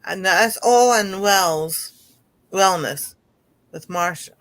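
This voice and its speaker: A woman co-hosting a casual live chat, giggly and quick to react to what is said. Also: lowish voice, fairly bright tone, no room sound. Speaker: co-host; mother.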